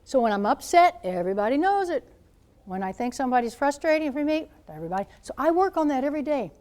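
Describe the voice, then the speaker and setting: A woman in her seventies, a Catholic nun speaking to high school students as a guest speaker, telling stories in an animated way and acting out what people said. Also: fast talker. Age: 70s. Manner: animated storyteller, acts out quoted voices. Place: school gathering room.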